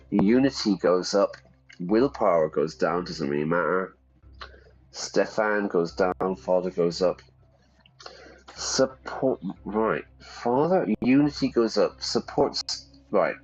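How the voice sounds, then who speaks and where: A man's voice: on the low side, breathy edge. A man hosting a live game stream who reads the game text aloud and chats with his viewers. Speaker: streamer and English teacher. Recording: slightly dull recording with faint music.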